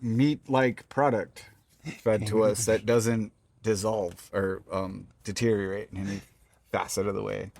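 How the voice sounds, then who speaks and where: A man's voice: lowish voice, fairly even intonation, measured pace, vocal fry, a little mellow. Rambling man, podcast co-host. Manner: rambling, repeats himself, emphatic warnings. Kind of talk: casual chat. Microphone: phone recording.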